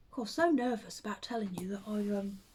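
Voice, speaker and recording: A woman's voice: medium pitch, expressive, fast talker, slightly rough. Chatty woman vlogging at home. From United Kingdom. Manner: chatty and rambling, with hesitant ums and soft under-breath asides. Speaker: vlogger and full-time teddy bear maker. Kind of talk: casual chat to camera.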